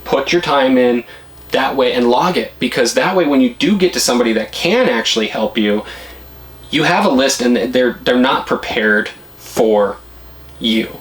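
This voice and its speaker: A middle-aged man vlogging casual advice, blunt and animated, his pitch jumping up when he gets worked up. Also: normal speed, poor audio.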